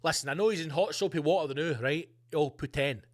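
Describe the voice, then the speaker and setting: Male comedy podcast host, high-voiced, loud and profane ranting. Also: fairly quick. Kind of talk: comedic rant.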